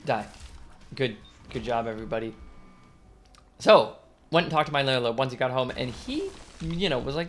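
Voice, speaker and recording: A man's voice: fairly high pitch, expressive, moderate pace, long pauses, a bit bright, a little hiss or hum. A young man telling a rambling story as he plays a game, switching between acted-out quotes and sudden outbursts at what is on screen. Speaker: gaming commentator. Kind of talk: casual let's-play storytelling.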